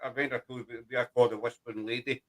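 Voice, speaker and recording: A man hosting a chat show, explaining things in a rambling, halting way. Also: medium pitch, flat delivery, a bit bright. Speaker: host. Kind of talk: casual chat.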